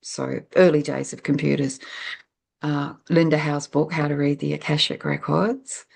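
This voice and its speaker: A middle-aged woman with a low voice, talking as an interview guest. She tells her story casually, wanders between thoughts, and stops herself partway through sentences, with plenty of "um"s along the way. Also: fairly even intonation, moderate pace, vocal fry, darkish tone, husky. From New Zealand. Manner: rambling, reflective, self-interrupting with fillers.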